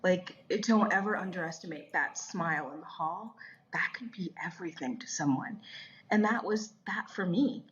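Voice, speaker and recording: A woman in her fifties, a podcast guest telling a personal faith story in an animated way, laughing often. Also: on the low side, moderate pace, muffled recording. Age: 50s. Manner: animated, laughs often, acts out quoted voices.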